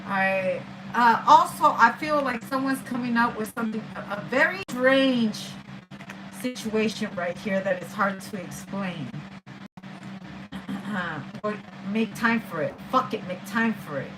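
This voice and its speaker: A woman's voice: a little high, measured pace, noisy background. A woman doing a casual, rambling tarot reading, swearing often and using street slang. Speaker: tarot reader. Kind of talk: casual spiritual reading monologue. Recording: music playing behind.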